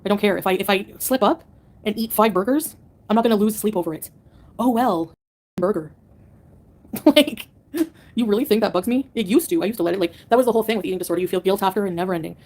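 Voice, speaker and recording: Woman livestreamer, rapid combative rants, sarcastic, mid-pitched. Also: a little mellow. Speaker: livestreamer answering chat. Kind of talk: live-stream rant to chat.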